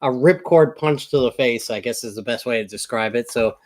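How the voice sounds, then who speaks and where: A man's voice: medium pitch, brisk, darkish tone. A man co-hosting a wrestling podcast, recapping matches in a laid-back, hesitant way with lots of ums and uhs. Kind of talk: casual recap chat.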